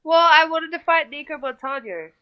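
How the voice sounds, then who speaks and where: A young Australian woman talking casually as a podcast guest over a video call, chatty and quick to laugh. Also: high voice, expressive, muffled recording. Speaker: guest fighter.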